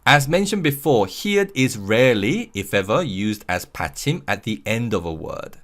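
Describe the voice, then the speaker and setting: A man narrating a scripted language lesson, explaining clearly and repeating example words slowly and carefully. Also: medium pitch, sing-song, a bit bright. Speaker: language teacher.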